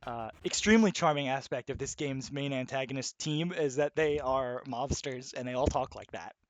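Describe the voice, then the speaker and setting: A man giving casual, excitable video game commentary, swearing freely. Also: mid-range voice, moderate pace, no echo. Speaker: let's play host.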